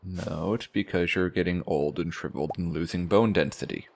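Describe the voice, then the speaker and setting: A man trading deadpan jokes with friends during a game. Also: low voice, moderate pace, gravelly. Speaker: let's play co-host. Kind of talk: casual gameplay banter.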